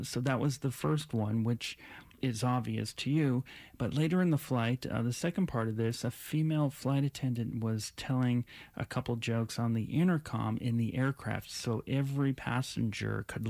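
A man hosting an interview, telling a personal story in a measured way to set up his question to the guest. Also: medium pitch, vocal fry, darkish tone, no room sound.

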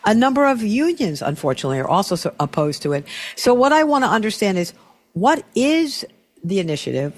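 A middle-aged man hosting an interview, telling stories in a lively, restarting way. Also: sits high. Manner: storytelling, animated with frequent restarts. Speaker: talk show host. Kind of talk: casual conversational interview.

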